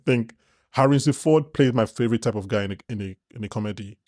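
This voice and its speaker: Podcast co-host, man, low voice, rambling casual delivery, dry close mic. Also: fast talker, darkish tone, dry recording. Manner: rambling, restarts sentences often, laughs easily. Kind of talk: casual chat.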